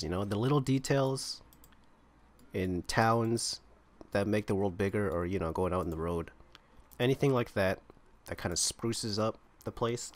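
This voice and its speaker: A man giving casual gameplay commentary, thinking aloud and rambling as he explores an online game. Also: fairly low pitch. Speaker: gamer playing online roleplaying servers.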